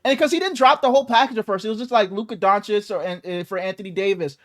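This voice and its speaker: A man co-hosting a sports podcast, telling an excitable story full of swearing and quick restarts. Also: high-pitched. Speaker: podcast co-host. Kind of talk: casual sports podcast chat.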